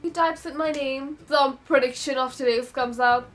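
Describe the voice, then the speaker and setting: A young woman telling a story in a chatty, excitable vlog, breaking into sudden high squeals. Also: moderate pace. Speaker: vlogger.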